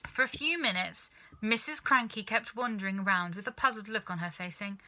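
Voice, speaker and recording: Bright, lively woman reading a story. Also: a little high. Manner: expressive, slows for gentle moments. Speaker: storybook reader. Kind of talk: reading a children's book aloud.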